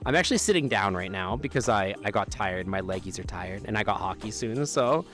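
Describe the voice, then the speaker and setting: A man's voice: lowish voice, lively intonation, brisk, fairly bright tone, faint music behind. A man chatting casually on a live stream while sitting outdoors, rambling, trailing off mid-sentence and laughing often. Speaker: livestreamer. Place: outdoors near an amphitheater.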